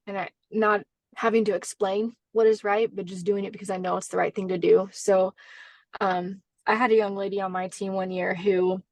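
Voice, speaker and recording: A woman's voice: medium pitch, a little mellow, no echo. Woman, basketball coach, podcast guest, earnest storytelling, frequent restarts, dry close sound. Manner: earnest, heartfelt, many fillers and restarts. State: briefly emotional. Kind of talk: conversational interview storytelling.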